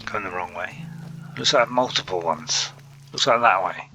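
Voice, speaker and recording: A man's voice: deep voice, normal speed, pushed and bright, faint music behind, rough recording. A man hosting a casual gaming video, chatting and joking over his gameplay through a console app mic. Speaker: gaming channel host. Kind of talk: casual game commentary. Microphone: console app chat mic.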